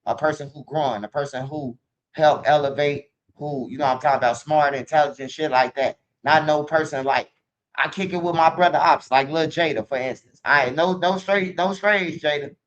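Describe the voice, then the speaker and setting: A man's voice: fairly high pitch, normal speed. A man talking casually to the camera in a rambling, profane street manner, recorded with dull lo-fi sound.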